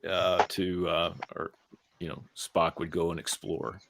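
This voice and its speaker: A man's voice: low voice, completely flat delivery, a little slow, background noise. A man casually recounting a TV episode in a rambling way, with restarts and fillers. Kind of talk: casual storytelling.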